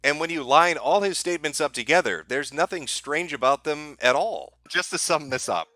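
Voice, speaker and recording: Man, stream host, sarcastic, mocking, profane, bright tone, lively pitch. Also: normal speed, dry recording. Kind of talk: confrontational live-stream talk.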